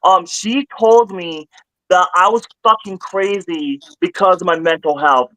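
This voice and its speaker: High-voiced man rambling on a stream. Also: unhurried, no echo, poor audio. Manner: rambling, repeats and restarts phrases, gets louder and higher when worked up. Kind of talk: casual livestream chat.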